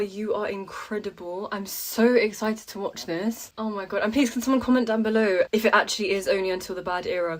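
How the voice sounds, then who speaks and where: Excitable female vlogger, gushing reaction, fast and breathless. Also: medium pitch. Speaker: content creator reacting to a trailer.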